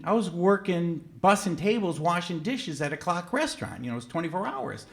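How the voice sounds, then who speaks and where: A middle-aged man telling a personal story on stage at a museum event, talking conversationally with frequent fillers and pitching his voice up sharply when quoting his own disbelief. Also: animated, brisk, a bit bright. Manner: conversational, with many fillers and self-corrections. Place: museum event hall, on stage before an audience.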